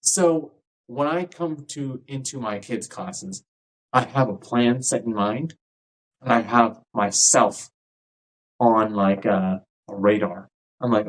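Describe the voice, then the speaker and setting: A man's voice: on the low side, measured pace, rough recording. A man, a dance instructor, talking casually in a podcast monologue and often checking in with his listeners. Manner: conversational, keeps checking in with "right?"; acts out quoted people in lively voices.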